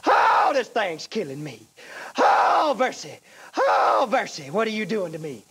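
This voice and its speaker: A man's voice: huge pitch swings, measured pace, fairly bright tone, husky, full character voice. A man from Mississippi voicing an old country woman who shrieks and wails in distress, with a Mississippi accent. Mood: shrieking. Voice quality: shrill wailing cries.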